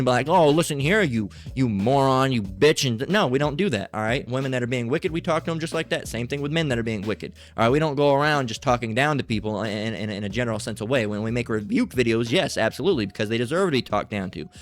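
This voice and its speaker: A man delivers a rambling, preachy religious monologue. He keeps stumbling over fillers and restarts as he reads definitions aloud. Faint music plays underneath. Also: mid-range voice. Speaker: religious commentator. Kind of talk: unscripted monologue reading definitions.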